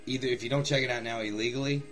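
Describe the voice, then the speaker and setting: A man's voice: medium pitch, steady tone, very fast, a bit bright, faint music behind. A man co-hosting a podcast, chatting casually with a lot of swearing while drinking. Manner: profane, laid-back banter. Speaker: podcast co-host. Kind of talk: casual chat.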